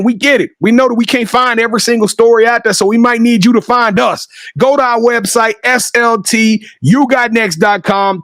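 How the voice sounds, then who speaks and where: Man, Southern accent, high voice, dry close sound, sports show host, hyped and effusive. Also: no echo. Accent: Southern American. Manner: hyped, effusive, shouting catchphrases. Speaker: podcast co-host. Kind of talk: enthusiastic show wrap-up and outro.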